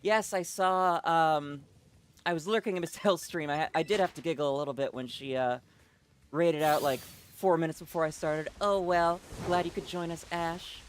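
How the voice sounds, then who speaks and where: A man's voice: fairly high pitch, fairly even intonation, moderate pace, slight background noise. A man streaming a video game live, chatting casually and reading viewers' messages aloud with many fillers and restarts. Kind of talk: casual live-stream chat while playing.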